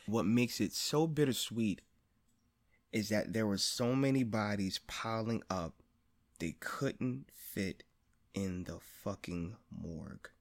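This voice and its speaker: A man hosting a podcast, talking in a personal monologue, blunt and profane, repeating phrases for emphasis and rising louder and higher as he presses a point. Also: takes it slowly. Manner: grows louder and higher when stressing a point. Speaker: podcast host.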